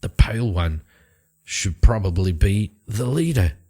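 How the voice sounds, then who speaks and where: A man playing a guarded vigilante who lurks in the shadows of a solo tabletop story. His voice is deep and unhurried, and his short answers keep people at arm's length. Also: expressive, dark tone, slightly rough, exaggerated voice.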